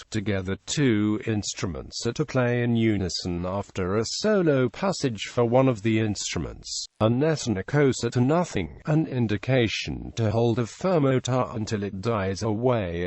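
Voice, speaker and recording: A computer-generated man's voice reading out an encyclopedia article in an even, mechanical way. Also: lowish voice, no echo.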